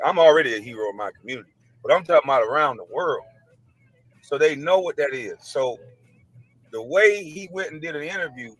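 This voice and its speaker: A man calmly explaining his side, blunt, matter-of-fact and frustrated. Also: on the high side, rough recording. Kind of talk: casual self-defending explanation.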